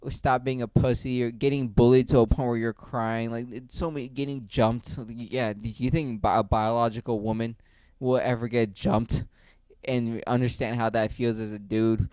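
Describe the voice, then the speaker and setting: A man's voice: mid-range voice, fairly even intonation, moderate pace, a little mellow, smooth, no room sound. A man delivering a heated, blunt opinion rant to camera, full of profanity. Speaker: video creator.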